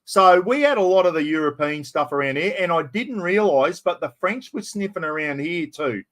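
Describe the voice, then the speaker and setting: A man's voice: fairly high pitch, animated, moderate pace, fairly bright tone. A man with a North Queensland Australian accent, hosting a livestream in a chatty, rambling, slangy way. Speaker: livestream host. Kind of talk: casual chat.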